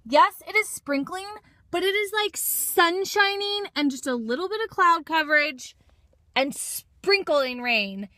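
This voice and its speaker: A woman's voice: extremely high pitch, animated, measured pace, sharp tone, dry recording. A young woman vlogging from her car and outdoors on a handheld phone, frustrated and swearing a lot. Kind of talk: casual daily vlog.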